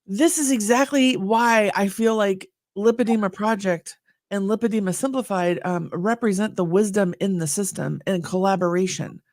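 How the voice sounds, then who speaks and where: A woman's voice: mid-range voice, darkish tone, no echo, clean studio sound. A woman co-hosting a candid podcast conversation, talking with effusive, emotional enthusiasm. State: slightly choked up. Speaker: podcast co-host.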